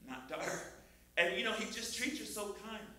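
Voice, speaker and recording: A man's voice: high voice, normal speed, sharp tone, very echoey, distant mic. An older man from Missouri sharing a testimony in church, building to fervent praise. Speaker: church member leading testimony time. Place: church sanctuary.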